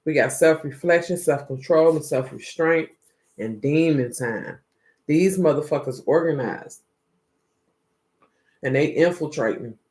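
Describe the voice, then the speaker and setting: A man's voice: a little high, unhurried, pauses often. Profane rambling tarot reader, man. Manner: profane, rambling, slangy and animated. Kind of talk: casual tarot reading monologue.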